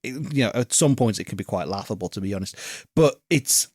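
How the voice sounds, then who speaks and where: A man's voice: on the low side, animated, fairly quick, darkish tone, husky, no echo, studio quality. A man co-hosting a podcast, giving thoughtful casual opinions on an album, hedging with ums and restarts and swearing now and then. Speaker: podcast co-host. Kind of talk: casual music review chat.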